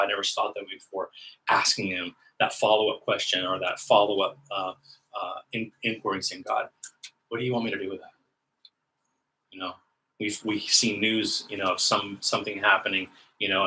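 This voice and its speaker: A man's voice: lowish voice, sharp tone, low-quality recording. A man giving an earnest teaching sermon on prayer, often repeating phrases and restarting his sentences.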